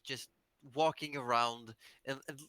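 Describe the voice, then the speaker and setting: Australian male game master, bright tone, loose rambling narration. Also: mid-range voice, measured pace, smooth, no echo. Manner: relaxed rambling narration with many fillers. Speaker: dungeon master.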